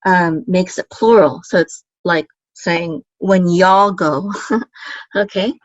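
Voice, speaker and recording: A woman teaching a relaxed online language lesson, explaining patiently and often checking in with "okay?". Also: lowish voice, slow pace, no room sound. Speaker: Biblical Hebrew teacher. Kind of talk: casual screen-share lesson. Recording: dull, dry lo-fi sound.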